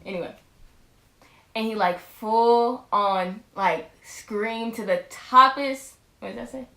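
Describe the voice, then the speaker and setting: A woman's voice: a little high, slow pace, sharp tone. A young woman, a vlog co-host, rambling casually through a storytime with lots of restarts. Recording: roomy echo.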